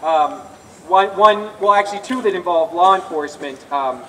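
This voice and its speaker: A man with a high, bright, forceful voice gives a confessional testimony to an open-air crowd, circling back over his words. He is picked up from a distance, with faint outdoor ambience underneath. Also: normal speed, a little hiss or hum. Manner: earnest and confessional, with frequent restarts. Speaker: speaker at a recovery rally. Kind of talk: personal testimony speech. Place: outdoor rally in a public square.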